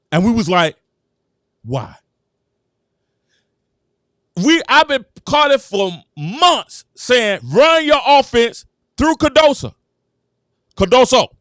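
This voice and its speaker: A man hosting a sports talk show, excitable and repetitive, calling out to his viewers. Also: sits high, no room sound, clean studio sound. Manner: excitable, repeats himself, addresses viewers as "citizens". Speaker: sports commentary show host. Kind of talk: animated sports opinion talk.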